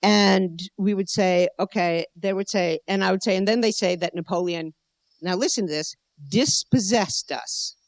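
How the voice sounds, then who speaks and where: A woman's voice: medium pitch, normal speed, no echo. A middle-aged American woman giving a conference talk as an anthropologist, telling a digressive story and often searching for her words. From United States. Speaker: anthropologist speaker. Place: gallery venue indoors.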